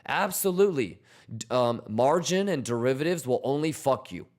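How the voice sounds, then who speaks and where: A man's voice: mid-range voice, animated, moderate pace, darkish tone. A man hosting a live trading stream who speaks in a mid-range voice. His talk is loose and unscripted, blunt and full of swearing. He coaches his viewers in a motivational tone and answers chat questions as they come in. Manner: blunt, profane, motivational, reads chat aloud. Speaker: trading livestream host. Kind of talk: casual livestream chat.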